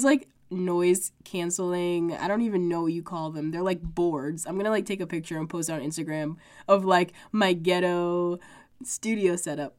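Sick and congested, a young American woman hosts her own podcast solo from a home room fitted with makeshift sound panels. Her voice is on the low side with a darkish tone, and her casual chat is full of fillers.

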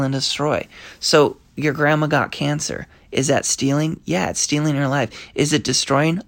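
A man's voice: mid-range voice, creaky, no room sound. A man hosting a podcast and giving a preaching monologue, earnest and exhorting, quoting scripture. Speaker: podcast host.

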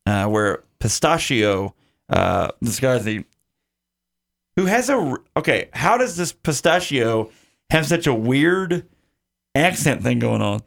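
A man's voice: mid-range voice, very animated, takes it slowly, gravelly. A male podcast host casually recapping a bad movie, rambling with lots of fillers. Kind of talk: casual movie-review chat.

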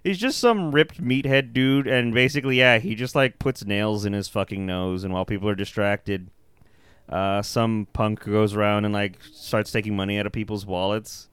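A man co-hosting a casual movie review chat, talking in an animated way with lots of fillers, restarts and swearing. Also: on the low side, moderate pace, smooth, dry recording. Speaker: podcast co-host.

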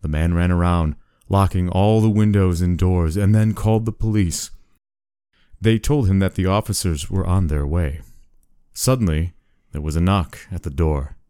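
A man casually telling a spooky story and chatting, relaxed and chuckling. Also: sits low, normal speed, clean tone, no room sound, clean studio sound. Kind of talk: casual spoken story and chat.

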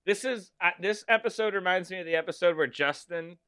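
High, bright-voiced man joking around. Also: fairly quick, clear, resonant tone. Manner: laughing, joking, crude and chatty. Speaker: podcast co-host. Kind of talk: casual chat watching wrestling.

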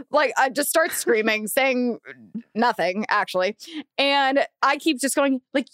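A young woman hosting a podcast, telling a story in casual chat, animated and swearing, acting out quotes loudly. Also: high voice, measured pace, no echo. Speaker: podcast host.

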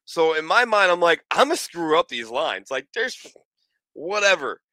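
Bright-voiced man telling stories animatedly. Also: on the high side, normal speed, no echo. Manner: animated storyteller, acts out quotes. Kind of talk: casual chat.

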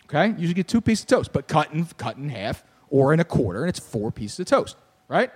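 Animated young man ranting with laughs. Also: fairly high pitch, quick pace, slightly rough. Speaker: podcast host. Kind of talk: casual sports talk banter.

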